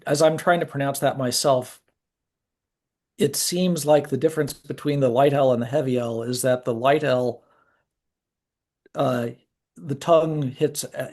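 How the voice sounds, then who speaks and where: A man's voice: mid-range voice, warm tone. A man, a student in a class, working through a question aloud, hesitant and tentative. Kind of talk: class discussion.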